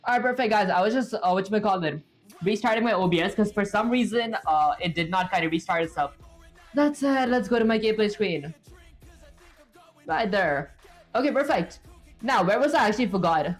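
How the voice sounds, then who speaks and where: A woman streams herself writing code and chats loosely with viewers as she works. Her voice sits in a middle pitch and she rambles, filling gaps with stock filler words. Soft music plays underneath. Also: lively intonation, fairly quick. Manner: chatty, rambling, with filler words and self-talk. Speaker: streamer coding live. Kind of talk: casual livestream commentary while coding. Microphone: streaming setup with webcam.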